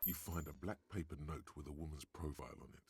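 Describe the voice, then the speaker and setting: A very deep, gravelly wry game narrator. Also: male voice, fast talker, a little mellow, dry recording, heavily acted. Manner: dry, wry, gravelly storyteller. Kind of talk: second-person game narration.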